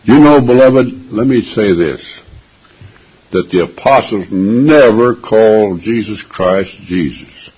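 A man's voice: fairly low pitch, slow pace, dull audio. A man preaching a sermon in an earnest, emphatic way, repeating phrases to drive them home. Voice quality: gravelly, raspy.

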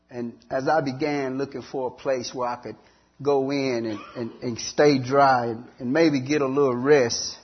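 A man telling his personal testimony in an earnest storytelling way, with long pauses and repeated words. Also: mid-range voice, husky, dull audio. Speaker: testimony speaker.

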